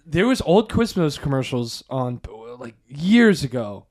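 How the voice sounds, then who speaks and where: Man, podcast co-host, casual banter, rambling crude stories, slightly high voice. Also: big pitch swings, unhurried, a little mellow.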